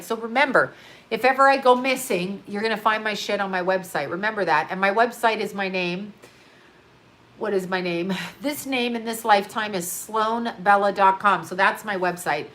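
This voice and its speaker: A woman's voice: mid-range voice, a bit bright. A woman hosting a casual livestream as an astrologer, rambling and blunt, swearing freely and tired after a long day of readings. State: tired, yawning. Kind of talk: casual livestream chat reading viewer comments. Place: her home studio.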